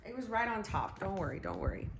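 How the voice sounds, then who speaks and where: Chatty excitable woman planner vlogger. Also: medium pitch, fast talker, creaky, background noise. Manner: chatty, excitable, talks to herself. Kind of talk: casual chat.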